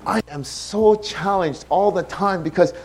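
A man preaching a sermon as pastor, impassioned, shifting between hushed and loud delivery. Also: high voice, measured pace, slightly rough.

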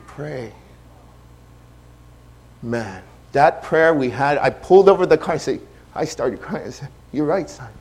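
Impassioned male pastor preaching. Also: a little high. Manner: impassioned, shifts between hushed and loud. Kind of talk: sermon.

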